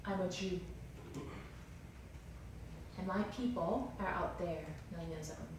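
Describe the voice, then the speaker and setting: A woman's voice: fairly low pitch, unhurried, background noise, close to an everyday voice. A woman lecturer voicing a young Jewish queen who makes an earnest plea to her king. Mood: pleading. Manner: pleading, earnest. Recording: roomy lecture hall, distant mic.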